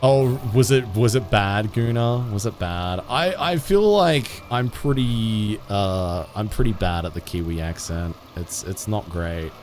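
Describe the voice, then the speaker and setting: A man with a slightly mellow voice on the low side talks casually to his viewers as he plays a game on stream. There's slight background noise. His delivery is laid-back and meandering, full of restarts and quick laughs.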